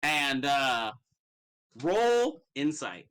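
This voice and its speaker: Bright-voiced male game master. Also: mid-range voice, big pitch swings, extremely slow, clear, resonant tone, low-quality recording. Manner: casual, profane, laughs often. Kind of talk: narrating a tabletop game.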